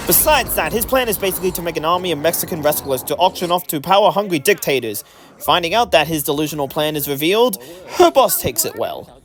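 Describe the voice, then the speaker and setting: A reviewer narrating a scripted comedic film recap with a sarcastic, lively delivery. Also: medium pitch, fairly quick, a little hiss or hum.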